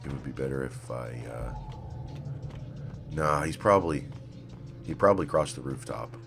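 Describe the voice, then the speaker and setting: Young dude playing a shooter, low voice, swears constantly, jumps up and down a lot. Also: male voice, lively intonation, normal speed, vocal fry, music in the background. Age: young adult. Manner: swears a lot, frustrated muttering. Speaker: gaming streamer. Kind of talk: gameplay commentary.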